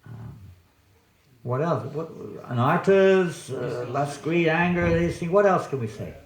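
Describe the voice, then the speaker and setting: A man's voice: a little high, animated, a little slow. A man giving a scripture class as a visiting swami, chatty and joking, often quizzing his audience. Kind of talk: sermon with audience questions. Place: temple hall. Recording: echoey hall.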